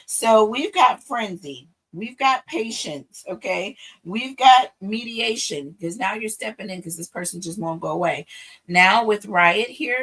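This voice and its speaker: A woman's voice: mid-range voice, a bit bright, slightly rough, low-quality recording. A woman giving a casual tarot reading, musing aloud and checking in with her listeners. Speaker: tarot reader.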